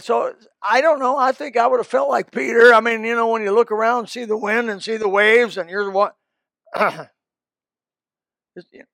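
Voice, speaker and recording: This pastor preaches with a high, creaky voice and a fairly bright tone, rambling in a homespun way. His sentences often restart and slip into tangents, all captured in a dry, close-miked recording.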